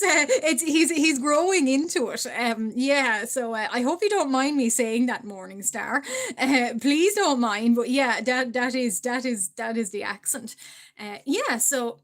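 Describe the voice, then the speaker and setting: A woman's voice: fairly high pitch, slow. A woman with an Irish accent chatting hesitantly with her livestream viewers while she draws, with many fillers and frequent small laughs. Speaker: art livestreamer. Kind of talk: casual livestream chat while drawing.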